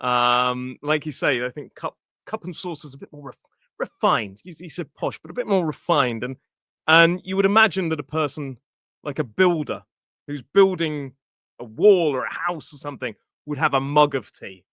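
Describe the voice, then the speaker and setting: A British man chatting on a podcast, patiently unpacking everyday words for learners. His voice is bright and lively, swinging up and down in pitch, recorded close and dry. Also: no echo. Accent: British English. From Britain. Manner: explains words slowly for learners, friendly. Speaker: podcast host and English teacher. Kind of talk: casual podcast chat teaching vocabulary.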